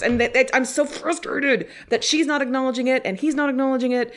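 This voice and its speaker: A woman co-hosting a podcast, chatting animatedly about TV episodes with quick restarts. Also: a little high. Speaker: podcast co-host. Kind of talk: casual TV review chat.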